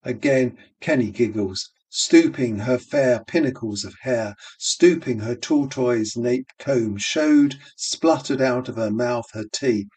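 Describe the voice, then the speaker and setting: A man reading literary prose aloud, slow and unhurried, shaping each phrase like music. His voice sits at a middle pitch and is heard from a little distance off the mic. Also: a little mellow. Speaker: audiobook reader.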